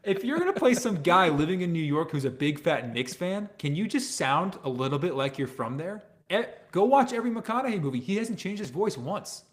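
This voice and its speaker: A man as a guest on a casual sports podcast, blunt and opinionated, often trailing off quietly at the ends of his points. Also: sits high, sing-song, brisk, few pauses.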